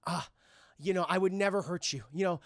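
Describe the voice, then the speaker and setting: A man's voice: sits high, a little fast, no echo, clean studio sound, voice pushed down. A man voicing a scheming middle-aged male supervillain, taunting and sneering as he retells a scene. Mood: pleading.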